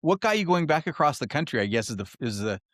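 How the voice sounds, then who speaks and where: A man's voice: a little high, very animated, fast talker, a bit bright, no room sound, studio quality. A man hosting a podcast interview, chatty and affirming, with rambling questions. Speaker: podcast host. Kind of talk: casual interview chat.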